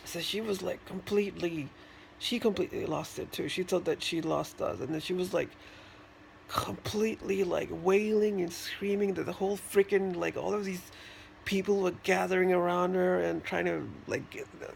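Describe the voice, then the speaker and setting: A man with a high voice and heavy vocal fry recounts a personal memory in a casual vlog. He speaks haltingly and circles back, with lots of restarts and fillers. A faint hum of room noise sits behind him. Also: fairly even intonation. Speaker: vlogger.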